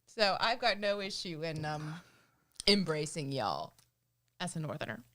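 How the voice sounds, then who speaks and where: A woman's voice: low-pitched, sing-song, a little slow, fairly bright tone. A woman from Maine co-hosting a casual live-stream chat, chatty and giggly. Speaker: co-host.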